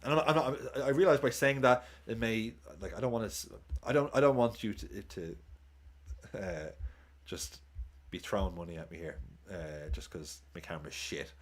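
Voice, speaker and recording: A man's voice: on the low side, moderate pace. A man streaming a live football watchalong, chatting casually, swearing, cheering goals and thanking viewers for tips.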